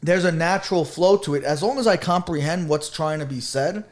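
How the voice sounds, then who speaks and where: A young man hosting a podcast, talking in a casual, slangy, animated way and acting out lines he quotes. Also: a little high, fairly quick. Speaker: podcast host.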